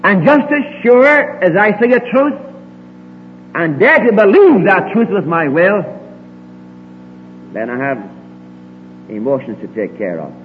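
A man preaching in a large hall, his fairly high voice leaping and dropping as he stresses each point. The recording is tinny and lo-fi, with a long reverb and a faint hum underneath. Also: sing-song, unhurried, pauses often. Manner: swings between emphatic rises and quiet low asides. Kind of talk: sermon.

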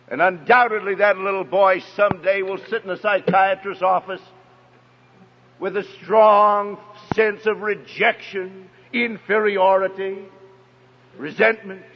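A man's voice: sits high, flat delivery, a little slow, a little hiss or hum. A man telling a personal story in an emphatic sermon style and speaking straight to the parents in his audience. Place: hall with an audience. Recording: echoey hall, dull lo-fi sound.

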